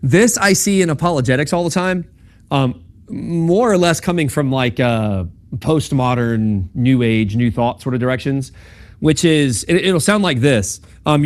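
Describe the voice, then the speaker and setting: A young man's mid-range voice moves at a moderate pace through a casual logic lecture in a classroom. He's a campus ministry speaker who talks conversationally, leaning on ums and okays and pausing to check in with the people listening.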